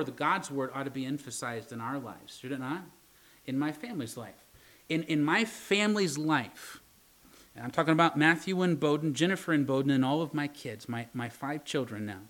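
Brief: male pastor, fairly high voice, sermon delivery, slow deliberate scripture reading, rhetorical questions, light teasing asides. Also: fairly bright tone. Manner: reads scripture slowly and deliberately, asks the congregation rhetorical questions.

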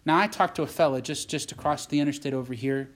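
Pastor, man, preacherly delivery with rising calls for agreement, voice sitting a little high. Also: fast talker. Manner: preacherly, asks "Amen?" and "Does that make sense?", repeats phrases. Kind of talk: sermon.

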